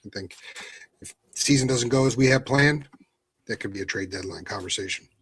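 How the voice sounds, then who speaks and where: A man's voice: medium pitch, brisk, fairly bright tone, slightly rough. A man with a Philadelphia accent, co-hosting a sports podcast, upbeat and agreeable in casual chat. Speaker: podcast co-host.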